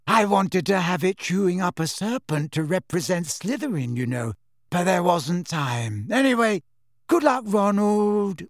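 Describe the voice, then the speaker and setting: A man's voice: high voice, expressive, a little slow, no room sound, studio quality, pitched above the performer's own voice. Luna, a man doing a dreamy airy schoolgirl. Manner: vague and dreamy. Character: dreamy odd teenage girl Luna, vague and cheerful.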